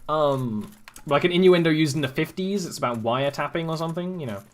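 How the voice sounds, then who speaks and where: A man's voice: fairly high pitch, fairly quick. Rambling English man streaming a game. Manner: rambling, chatty asides to chat. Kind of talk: casual live game commentary.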